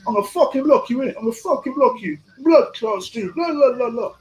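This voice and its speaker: A man imitating an angry young male streamer, ranting in a put-on Jamaican accent with a shouty, strained voice. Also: very high voice, expressive, brisk, slight background noise, pitched above the performer's own voice, poor audio. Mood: ranting mockery.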